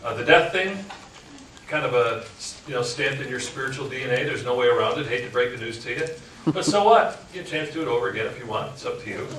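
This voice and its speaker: A man who hosts talk radio speaks to a live audience in a frank, joking way. He tells his stories like an animated speaker. He sounds distant from the mic in an echoey room with a noisy background. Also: medium pitch, fast. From Upper Michigan. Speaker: talk radio host giving a talk. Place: indoor meeting room with audience.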